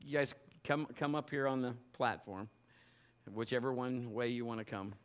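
A man preaching a sermon from a church stage, telling a teasing, animated story and joking with the people he calls up. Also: medium pitch, normal speed, clear, resonant tone. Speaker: pastor. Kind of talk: sermon with a live demonstration. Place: church stage before a congregation.

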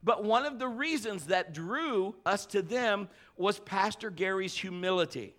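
A man's voice: sits high, unhurried, fairly bright tone. A middle-aged man preaching a conversational sermon, telling folksy stories with restarts and trailing thoughts. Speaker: pastor.

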